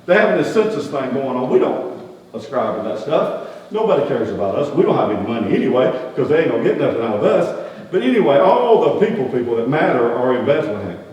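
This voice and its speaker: A man, a pastor, playing a skeptical, rough-spoken outcast shepherd in a first-person dramatic sermon, talking. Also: medium pitch, fast, highs cut off, close to an everyday voice. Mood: earnest. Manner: folksy, colloquial grammar, rising animated questioning. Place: church sanctuary. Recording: echoey hall, distant mic, faint hum.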